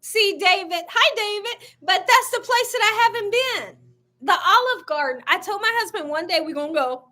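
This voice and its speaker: Female host, live cooking stream from home; high, bright, chatty, quick to laugh. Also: expressive. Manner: chatty, laughs often, reads out viewer comments. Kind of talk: casual live-stream chat. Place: at home, window open.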